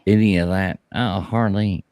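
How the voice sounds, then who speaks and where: A man hosting a casual live stream, talking slowly and hiccuping as he chats. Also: low voice, fairly even intonation, a crowd in the background. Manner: laid-back, keeps hiccuping. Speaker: livestream host.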